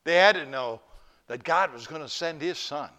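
A man's voice: a little high, moderate pace, pushed and bright. A man preaching a sermon to a church congregation, telling stories and asking the people questions. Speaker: pastor.

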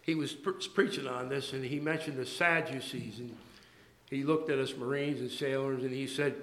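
A man preaching a sermon to his church, halting and restarting his words, then pressing his points with emphasis. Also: mid-range voice, steady tone, fairly bright tone, echoey room, poor audio. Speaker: pastor.

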